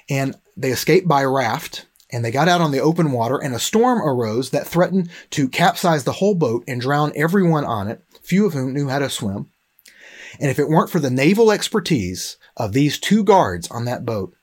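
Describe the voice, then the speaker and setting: Husky man, bible lesson, storytelling sermon, reading scripture, mid-pitched voice. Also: darkish tone. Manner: storytelling with quoted dialogue, reads scripture aloud. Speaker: teacher of a Bible study.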